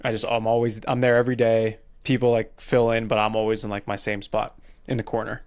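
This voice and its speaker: A man's voice: fairly low pitch, a little fast, clean tone. A man co-hosting a podcast, casually telling a funny story and quoting the people in it. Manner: animated retelling, quoting people in his story. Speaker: podcast co-host.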